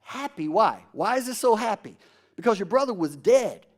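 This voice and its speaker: Animated, high-voiced male pastor preaching. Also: moderate pace. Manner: animated, emphatic, conversational preaching. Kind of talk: sermon.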